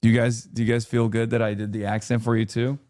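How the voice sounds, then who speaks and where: A man's voice: medium pitch, little pitch movement, fast talker, a little mellow, no echo, clean studio sound. A man hosting a live stream, joking and bantering with his chat in casual talk. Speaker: streamer host.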